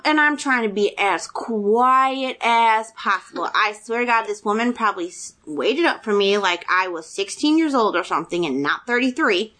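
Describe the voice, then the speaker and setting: A woman in her thirties telling a personal story in casual chat, animated and acting out quotes with a rising voice. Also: normal speed, hardly any pauses. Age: 30s. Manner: chatty, animated, acts out quotes with rising pitch.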